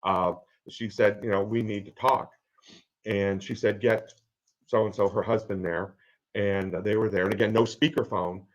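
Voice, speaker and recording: A man in his fifties telling a personal story in a halting, earnest way, with many pauses and fillers. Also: fairly low pitch, steady tone, dull audio. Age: 50s. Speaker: guest sharing his story.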